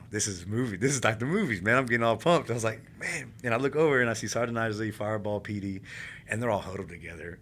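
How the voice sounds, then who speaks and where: Man, quick storyteller, bright forceful voice, lowish pitch, faint rumble behind. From California. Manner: animated, laughs while telling war stories. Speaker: podcast guest, retired army infantryman. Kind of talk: casual interview storytelling.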